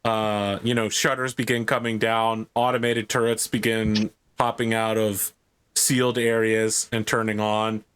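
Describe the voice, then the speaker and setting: A man's voice: fairly low pitch, level tone, a little slow, a bit bright, clean tone. Guy game mastering a tabletop rpg, wry laid-back narration.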